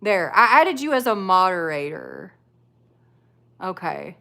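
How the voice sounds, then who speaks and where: A woman's voice: lowish voice, big pitch swings, takes it slowly, gravelly, bright, forceful tone. A woman hosting a casual live stream, reading chat comments aloud and talking with viewers. She chats loosely, laughs often and fills her talk with "like". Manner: chatty, laughs often, many "like" fillers. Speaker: livestream host reading chat.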